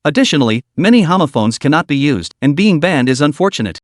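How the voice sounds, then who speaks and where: Brief: male recap narrator, brisk storytelling, somewhat high, very lively pitch. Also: no room sound. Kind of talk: web comic recap narration.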